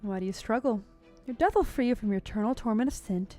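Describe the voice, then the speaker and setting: A woman's voice: fairly high pitch, quick pace, warm tone, faint music behind, voice pushed down, close to an everyday voice. A woman voicing a cruel male enforcer of an inquisition who speaks in a formal, pious, menacing way. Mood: stern.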